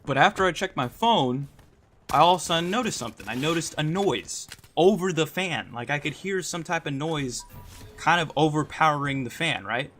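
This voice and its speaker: Bright-voiced young man telling a story. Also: fairly high pitch, lively intonation, normal speed, faint music behind. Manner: rambling, profane, lots of "like" and "right?". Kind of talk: casual storytime monologue.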